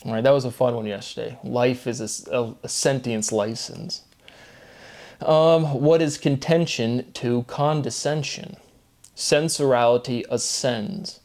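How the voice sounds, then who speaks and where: A man hosting his own channel, thinking out loud about word logic. He talks in a loose, rambling way with many fillers and restarts. His voice sits at a middle pitch for a man. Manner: loose, filler-heavy, wordplay-driven musing. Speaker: solo channel host.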